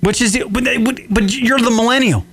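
A man's voice: very high-pitched, normal speed, fairly bright tone, slightly rough. A male radio show host trading profane jokes, often stammering and restarting his sentences. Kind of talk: profane casual banter.

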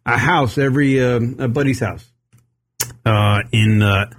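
A man's voice: mid-range voice, a little slow. A man from Long Island hosting a radio show from a studio, chatting casually and rambling with lots of fillers and swearing. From Long Island, New York. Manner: rambling, profane, many fillers.

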